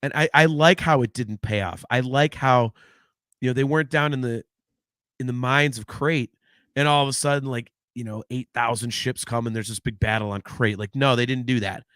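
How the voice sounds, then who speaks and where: A man hosting a casual podcast chat, animated and rambling, swearing freely into a close microphone. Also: medium pitch, normal speed, no echo. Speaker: podcast host.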